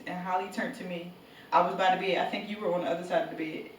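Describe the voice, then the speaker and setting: A woman sharing memories of a painful day in a casual family conversation, reflective and quiet. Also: on the low side, fairly even intonation, very fast. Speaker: one of the sisters in a family talk. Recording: roomy sound from a distance, faint background hiss.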